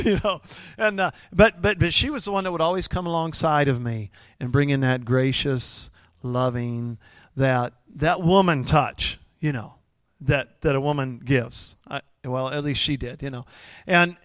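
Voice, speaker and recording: A man's voice: on the high side, measured pace, fairly bright tone, no echo, studio quality. A middle-aged man preaching a sermon in a folksy, joking way with lots of fillers. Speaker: pastor.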